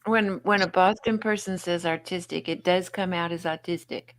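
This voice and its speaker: A woman's voice: lowish voice, steady tone, normal speed. A woman in a casual group chat, teasing her friends with a wry tone.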